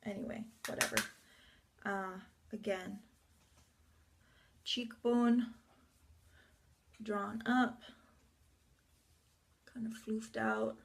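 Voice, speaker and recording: A woman's voice: medium pitch, fairly even intonation, extremely slow, vocal fry, long pauses. A woman chatting through a makeup tutorial at home in front of her mirror, rambling with offhand asides and muttered whispers. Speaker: beauty vlogger.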